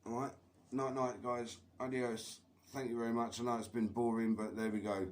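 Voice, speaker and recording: A man's voice: medium pitch, level tone, normal speed, a little mellow. Swearing man rambling on a live stream. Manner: swears constantly, laughs, rambling storytelling. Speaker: livestreamer.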